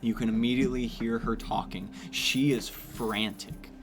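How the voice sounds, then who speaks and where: Relaxed male game master narrating. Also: medium pitch, moderate pace. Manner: casual, filler-heavy description.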